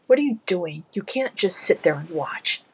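A reader doing a fussy angel, male, prim, scolding, earnest, husky, fan audiobook. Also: mid-range voice, expressive, normal speed, darkish tone. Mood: urgent.

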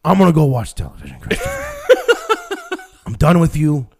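A young man co-hosting a podcast, telling a story with excitement, laughing and swearing, and acting out the people in it. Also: a little high, normal speed, husky. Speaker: podcast co-host. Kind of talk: animated storytelling chat.

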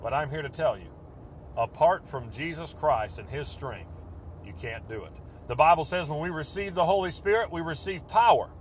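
A man preaching a sermon with fervent, repetitive phrasing that swells and then drops to a hush. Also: a little high, animated, moderate pace, slight background noise.

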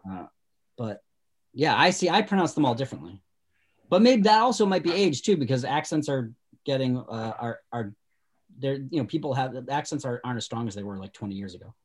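A man's voice: medium pitch, animated, a little fast, husky. A man from Massachusetts with a light Boston accent, chatting casually and explaining things with lots of fillers. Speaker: former tour guide. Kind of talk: casual chat.

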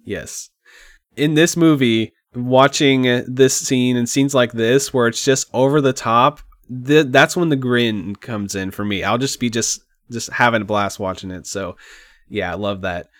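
A man's voice: medium pitch, a little slow, dry recording, clean studio sound. Laid-back man chatting about a movie. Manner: relaxed, rambling, says "like" often. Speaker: podcast co-host. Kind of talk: casual movie discussion.

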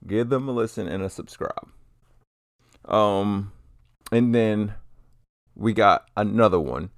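Low gravelly-voiced man co-hosting. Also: slow pace, dry recording, clean studio sound. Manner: laid-back, swears casually, trails off and restarts. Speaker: podcast co-host. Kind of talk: casual podcast chat.

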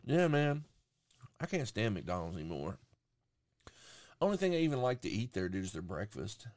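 Animated, foul-mouthed man telling a story. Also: fairly low pitch, normal speed, no echo. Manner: profane, animated storyteller who acts out quotes. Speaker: podcast host. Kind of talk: casual storytelling chat.

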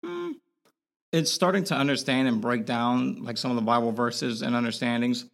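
A man's voice: medium pitch, big pitch swings, moderate pace, gravelly. Frank young man, casual guest. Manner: casual, frank, lots of "like" fillers. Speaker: podcast guest. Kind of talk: candid conversational interview.

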